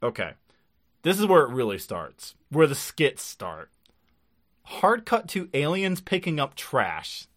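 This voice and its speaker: This is a podcast co-host in loose, casual chat, recapping episodes in a rambling way with plenty of filler words. The pitch sits in the middle and swings freely up and down. Laughter keeps breaking into the talk. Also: huge pitch swings, slow.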